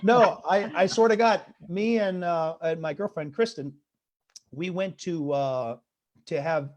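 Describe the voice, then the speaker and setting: High-voiced man firing off one-liners. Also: darkish tone. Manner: rapid one-liners, pleading with the audience after jokes. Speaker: stand-up comedian guest. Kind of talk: stand-up set over video call. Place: bedroom.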